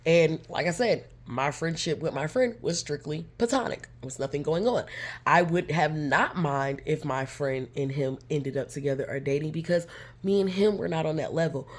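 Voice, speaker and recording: A woman's voice: sits low, moderate pace. Chatty woman telling a story. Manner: animated, chatty, acts out quotes. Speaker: vlogger. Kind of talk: casual storytime.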